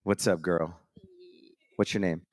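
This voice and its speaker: A man's voice: deep voice, fairly even intonation, unhurried, darkish tone, no echo, clean studio sound. A man hosting a live morning show from a conference stage, energetically calling up contestants and beatboxing rhythms for them to dance to.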